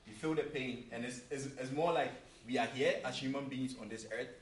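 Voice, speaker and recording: A man's voice: medium pitch, brisk. A man preaching a sermon in an earnest way, repeating himself and asking rhetorical questions, recorded in a church hall from a distance. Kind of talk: sermon with a told joke. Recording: roomy echo, mic far off, faint hum.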